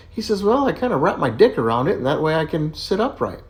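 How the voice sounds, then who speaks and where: A man telling jokes in a casual, animated way, laughing at his own punchlines. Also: fairly high pitch, quick pace. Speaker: joke teller.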